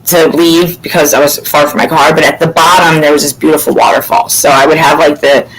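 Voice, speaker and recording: A woman from Florida in casual chat as host, telling lively stories and swearing freely. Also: low voice, brisk, a little hiss or hum, rough recording. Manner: animated storytelling, swears freely.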